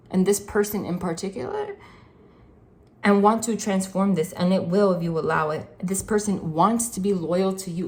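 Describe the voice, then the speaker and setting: A woman's voice: fairly low pitch, darkish tone. A woman reading tarot cards to her viewers in an earnest, chatty way, repeating the card meanings and often saying "like" and "okay". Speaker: tarot reader. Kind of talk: casual spiritual reading.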